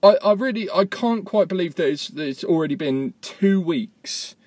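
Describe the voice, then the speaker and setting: A man's voice: high-pitched, lively intonation, normal speed, darkish tone, no room sound. A man hosting a podcast from a parked car, talking in a rambling, self-mocking way. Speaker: podcast host. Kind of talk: casual podcast chat. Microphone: tablet voice memo app.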